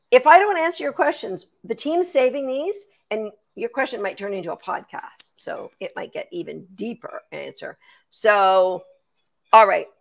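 A woman's voice: medium pitch, vocal fry. A woman, a dog trainer, chatting through a live Q&A, explaining training steps and thanking viewers by name. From Canada. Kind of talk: live-stream Q&A.

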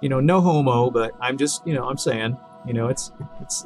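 Over music, a man with a mid-range voice talks at normal speed while streaming a video game. He chats casually with viewers, rambling, repeating words and restarting often.

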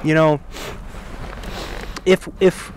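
Sitting outdoors by a fire, a man co-hosting a casual religious podcast rambles through a story, correcting himself as he goes. He speaks extremely slowly in a slightly high, level voice, with a little hiss or hum in the recording.

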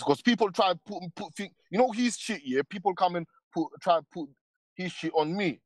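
A man's voice: sits high, expressive, fairly quick, dry recording. Slangy man on a rant. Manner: rambling, heavy street slang, many repeated tags. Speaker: stream panelist. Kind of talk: casual heated rant.

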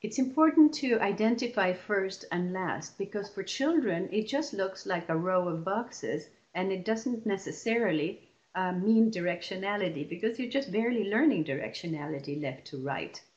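A woman's voice: medium pitch, lively intonation, moderate pace, a little mellow, dull audio. A woman presenting an online teacher-training session, explaining classroom methods step by step and often restarting her phrases.

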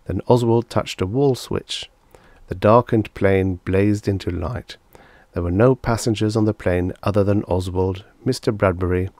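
Deep-voiced man narrating vintage sci-fi. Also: a little mellow, no echo. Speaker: audiobook narrator. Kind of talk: scripted narration of vintage science fiction.

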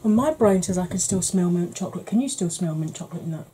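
A woman chatting casually as a beauty vlogger, easygoing and quick to laugh, with the odd mild swear. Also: on the low side, lively intonation, dark tone, slightly rough. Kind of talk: casual makeup declutter chat.

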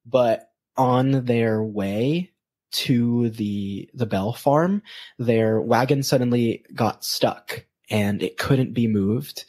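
A man's voice: mid-range voice, extremely slow, a little mellow. A man hosting a podcast, telling a story casually with many hesitations. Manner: hesitant, many ums and restarts. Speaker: podcast host.

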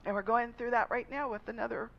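A woman's voice: fairly high pitch, fairly even intonation, fast talker, creaky. A woman pastor preaching a sermon in a conversational, storytelling manner. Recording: slightly dull lo-fi recording.

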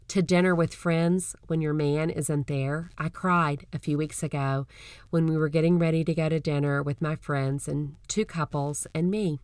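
A middle-aged woman hosting her own podcast, talking in an earnest, folksy and gently encouraging way. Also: low-pitched, dry recording, studio quality. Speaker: podcast host. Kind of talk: personal podcast talk.

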